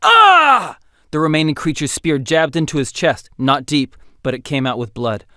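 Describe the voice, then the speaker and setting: A man narrating a fantasy audiobook in an expressive, dramatic storytelling style. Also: mid-range voice, normal speed, clear, resonant tone, no room sound, clean studio sound. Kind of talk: scripted narration.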